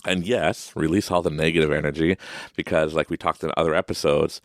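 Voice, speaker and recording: A man's voice: extremely low pitch, steady tone, brisk, no echo, clean studio sound. A man hosting a podcast in a casual monologue from an office, rambling and chatty and laughing often between remarks. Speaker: podcast host.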